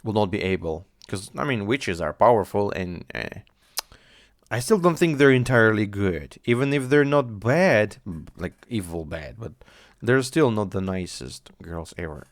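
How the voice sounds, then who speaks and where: A man's voice: fairly low pitch, expressive, moderate pace, dry recording, clean studio sound. A man giving casual reaction commentary on an anime at home, rambling, swearing and thinking aloud. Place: home, on a squeaky chair.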